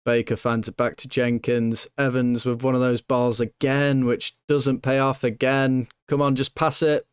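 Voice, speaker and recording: Young guy yelling over his football sim, mid pitch, close dry mic. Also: unhurried, hardly any pauses, clear, resonant tone, no echo. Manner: excitable, swings from hushed nerves to shouting joy; swears when excited. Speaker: gaming YouTuber. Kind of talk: excited live commentary over a football management game.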